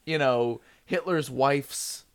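Man casually reading out odd news. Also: medium pitch. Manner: reads news items with halting restarts and laughs. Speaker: podcast co-host. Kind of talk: casual comedic chat.

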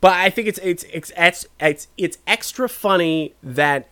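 A man's voice: sits high, bright, forceful tone, smooth. A man co-hosting a casual podcast, reading odd news and joking, laughing often and acting out people. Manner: amused, laughs often, acts out people in quick bits. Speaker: podcast co-host.

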